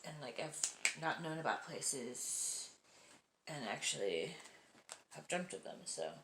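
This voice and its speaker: A woman with a low, gravelly voice reads short spooky stories aloud as the host of her video. She breaks off for casual comments, laughing often and dropping into hushed, whispered asides. A faint hiss sits under her voice. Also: sing-song, slow pace.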